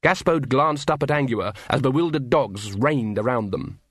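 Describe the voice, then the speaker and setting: A man reads a story aloud in a measured, wry way, his voice mid-pitched and even. The recording sounds close and dry, with no room echo. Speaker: audiobook narrator. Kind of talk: scripted narration.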